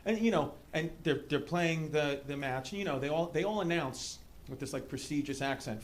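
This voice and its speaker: A man from New York City with a New York accent, doing a stand-up comedy set with rambling, animated storytelling. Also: a little high, normal speed, hardly any pauses. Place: comedy club stage. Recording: live club room with audience noise. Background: audience laughter.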